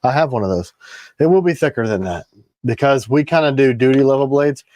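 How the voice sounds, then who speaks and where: A man's voice: mid-range voice, darkish tone, dry recording, muffled recording. A man co-hosting a live stream about his knives, talking in a rambling, casual way. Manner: rambling, jumps between thoughts, quick laughs.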